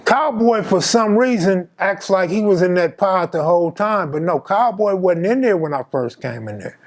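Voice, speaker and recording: A man's voice: high voice, moderate pace. A man in his fifties from Los Angeles telling a personal story in casual, slangy street talk, acting out the dialogue. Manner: slangy, animated, acts out dialogue. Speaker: storyteller host.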